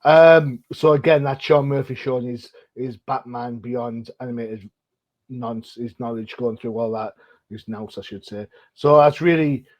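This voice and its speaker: A man's voice: mid-range voice, measured pace, highs cut off. A man hosting a casual comic-book podcast, rambling and chatty with plenty of restarts. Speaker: podcast host.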